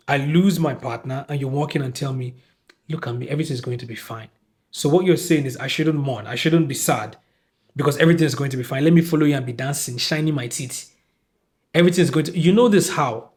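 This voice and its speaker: Exasperated Nigerian man ranting animatedly. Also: fairly high pitch. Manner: animated, exasperated, acts out quoted lines. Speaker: podcast host and film reviewer. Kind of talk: casual spoken film review.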